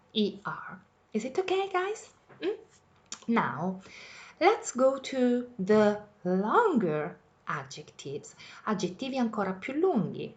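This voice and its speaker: A woman teaching English grammar with an Italian accent, explaining each rule slowly and repeating it in her native Italian. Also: medium pitch. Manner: patient, repeats each point in two languages. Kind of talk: bilingual grammar lesson.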